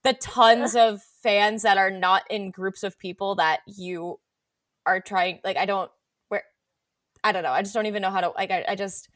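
A woman's voice: mid-range voice, fairly even intonation, moderate pace, fairly bright tone, no room sound, clean studio sound. A woman co-hosting a podcast, rambling and full of "like" as she trails off mid-thought. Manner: rambling, heavy use of "like", trails off. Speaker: podcast co-host. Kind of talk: casual chat.

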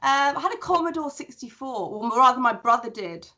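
A woman in her thirties talks as a podcast guest. Her voice sits a bit high, and her manner is candid and wry. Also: expressive, brisk, pushed and bright. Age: 30s. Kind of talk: casual podcast chat.

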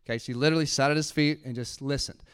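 A young adult man preaching a sermon to a congregation in a church, casual and playful, laughing often and dropping to a hushed voice when he shows how to pray. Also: medium pitch, fairly even intonation, racing, clear, resonant tone. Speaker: pastor. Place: church sanctuary before a congregation.

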